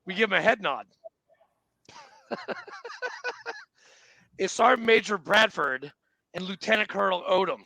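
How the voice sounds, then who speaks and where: A man's voice: high voice, expressive, a little slow, vocal fry, long pauses, pushed and bright, no room sound, rough recording. A man in his forties, a Marine veteran and podcast guest, telling laid-back, profane stories in casual chat. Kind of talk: casual war-story chat.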